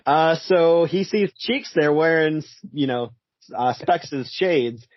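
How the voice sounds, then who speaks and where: A man's voice: fairly high pitch, slow pace, dry recording, muffled recording. A man co-hosting a comic podcast in casual chat, laughing often as he reads out the panels. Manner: chuckly, laughs often while reading out panels. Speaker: podcast co-host.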